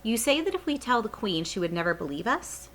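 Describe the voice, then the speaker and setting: A woman's voice: on the high side, big pitch swings, brisk, a bit bright, voice pushed up. A woman voicing a spirited, indignant young girl in a read-aloud children's story, eager and insistent.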